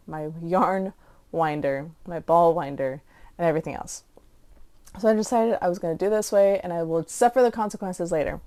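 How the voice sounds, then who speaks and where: Woman, middle-aged, knitting podcast host, casual rambling chat, slightly low voice. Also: darkish tone. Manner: chatty, rambling, self-deprecating. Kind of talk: casual show-and-tell chat.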